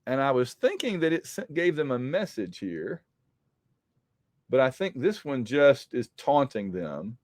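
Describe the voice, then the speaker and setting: A man's voice: mid-range voice, very animated, unhurried, a little mellow, no room sound, studio quality. A man casually recapping a comic book story as a podcast host, rambling with frequent ums and self-corrections.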